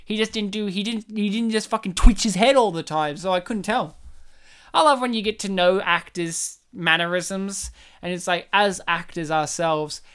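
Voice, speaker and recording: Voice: medium pitch, normal speed, fairly bright tone, clear, resonant tone. A podcast co-host in casual chat, joking, teasing and swearing freely.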